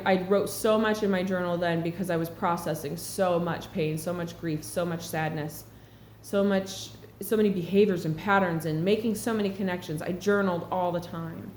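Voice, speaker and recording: A woman talking earnestly and reflectively to camera in a casual spiritual vlog. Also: fairly low pitch. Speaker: spiritual vlogger. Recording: echoey room with faint background hum.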